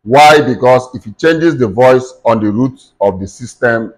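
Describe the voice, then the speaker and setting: A man hosting a screen-recorded software tutorial, explaining steps in plain instructive talk with frequent fillers like "okay" and "um". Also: mid-range voice, unhurried, rough recording. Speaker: tech tutorial host.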